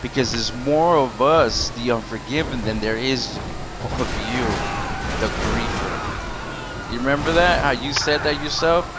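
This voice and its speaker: A man's voice: mid-range voice, measured pace, background noise. A man ranting casually to his viewers in a heated, repetitive way, full of slang. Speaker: gaming YouTuber. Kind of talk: casual rant to camera.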